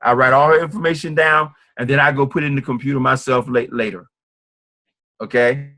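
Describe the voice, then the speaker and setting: A man giving an informal sales training talk, fast and acting out sales calls. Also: mid-range voice, fairly even intonation, sharp tone. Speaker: network marketing trainer.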